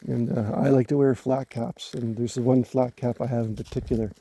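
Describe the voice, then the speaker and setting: A man from Canada talking casually to his phone in the woods at night, halting and musing as he repeats words while gathering his thoughts. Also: medium pitch, steady tone, warm tone. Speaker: vlogger. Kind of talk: casual rambling talk to camera. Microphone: handheld phone.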